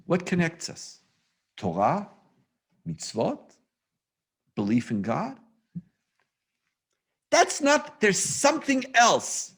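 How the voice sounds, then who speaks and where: Rabbi guy lecturing on a video call, husky voice, swings way up and down, jokes at himself. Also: sits high, slow pace, long pauses. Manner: animated, self-mocking storyteller. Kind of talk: humorous storytelling lecture.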